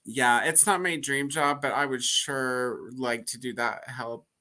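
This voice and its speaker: A woman's voice: a bass voice, steady tone, a little slow, bright, forceful tone. A woman from Texas with a Texan accent, co-hosting a live stream and laughing often. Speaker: livestream co-host. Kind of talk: casual live-stream chat.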